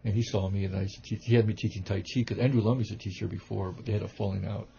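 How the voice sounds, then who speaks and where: Fast, gravelly man telling stories. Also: fairly low pitch, slight background noise. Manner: rambling, animated anecdotes with many restarts. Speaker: kung fu teacher and reverend. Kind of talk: casual interview storytelling. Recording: dull lo-fi recording.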